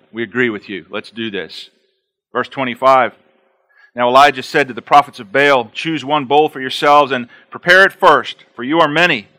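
A man's voice: medium pitch, pushed and bright. A man preaching an expository sermon, reading scripture aloud and breaking in with plain-spoken asides, repeating key phrases for emphasis. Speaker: pastor.

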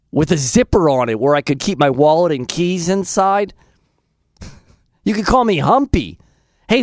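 A man's voice: high-pitched, no room sound. A man hosting a Christian call-in radio show, preaching earnestly and chuckling at his callers. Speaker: radio host.

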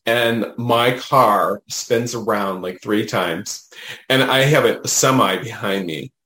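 A low-pitched man chatting through a story with lots of "you know" and "right?". His voice sits in a roomy, echoey space. He tells it casually, with animated emphasis. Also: slow. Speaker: guest, medium.

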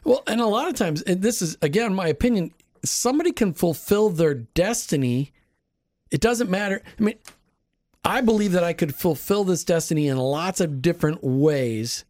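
A man with a high voice hosts a Christian radio program. He speaks with enthusiasm and emphasis, often turning to address his listeners directly. The studio recording is dry and close. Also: animated, normal speed, a little mellow, dry recording. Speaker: radio host.

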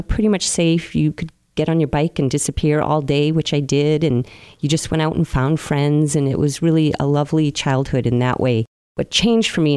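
A woman's voice: low-pitched, dry recording. Earnest woman telling her life story. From New England, US. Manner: earnest, open storytelling with soft pauses. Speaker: interview guest. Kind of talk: reflective conversational interview.

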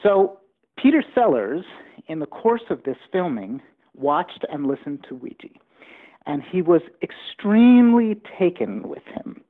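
A man's voice: on the high side, big pitch swings, unhurried. Man telling stories over a phone line. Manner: enthusiastic anecdotal storytelling. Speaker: author guest. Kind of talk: storytelling interview talk.

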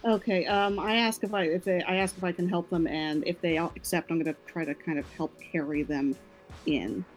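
A woman's voice: lowish voice, steady tone, brisk, soft background music. A woman playing in a tabletop game, describing her character's actions in a hesitant, polite way, thinking aloud. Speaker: player. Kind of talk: tabletop role-play.

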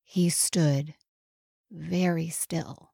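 Slow, dramatic woman storyteller. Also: low voice, fairly even intonation, gravelly, mellow, breathy edge, no room sound, clean studio sound. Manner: slow, dramatic, suspenseful reading. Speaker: narrator. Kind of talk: storybook narration.

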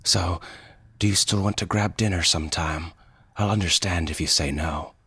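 A man voicing a calm, wry man in power armor, speaking in a dry, measured way in an audio fiction reading. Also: low voice, husky, no echo, exaggerated voice. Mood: gentle.

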